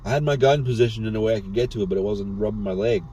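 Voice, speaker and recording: A man's voice: on the low side, very fast, mellow, husky. A man from Arizona talking to the camera while he drives, rambling, cursing and mocking himself in a casual monologue. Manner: profane, rambling, self-mocking. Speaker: vlogger. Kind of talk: casual driving vlog monologue. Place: inside a moving car. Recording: road and engine noise.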